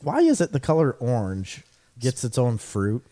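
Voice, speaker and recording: Goofy, mellow-voiced male podcast co-host. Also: medium pitch, wildly swooping pitch, moderate pace. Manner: goofy, teasing, laughs often. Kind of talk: casual chat.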